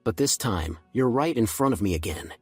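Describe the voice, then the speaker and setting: Man voicing a cold young fighter, calm clipped threats, husky voice, dry sound, recap story. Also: fairly low pitch, normal speed, no echo, faint music behind. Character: cold, supremely confident young male fighter.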